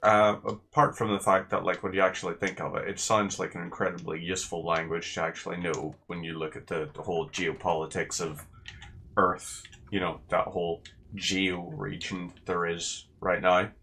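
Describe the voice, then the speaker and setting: A man's voice: sits low, level tone, normal speed, creaky, bright, forceful tone. A man giving casual, sarcastic gameplay commentary with rambling asides.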